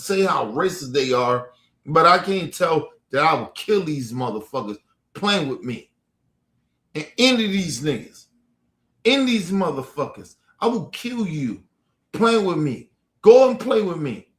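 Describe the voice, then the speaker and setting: A man's voice: on the high side, fairly bright tone. Profane ranting man, echoey room. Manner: profane, heated, threatening, repetitive. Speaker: livestream host. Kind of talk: angry ranting monologue.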